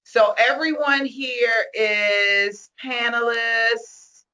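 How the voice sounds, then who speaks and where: A woman hosting a virtual meet-and-greet over a video call, gushing and excitable, laughing often and close to tears. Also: on the high side, drawn-out words. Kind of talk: casual video-call chat.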